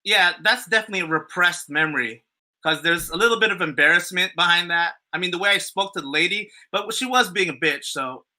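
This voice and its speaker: A man chatting on a podcast, spinning a story in loose, rambling fashion. His voice is very bright, and he swears freely and leans on fillers and restarts. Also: sits high, fast. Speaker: podcast co-host. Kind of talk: casual storytelling chat.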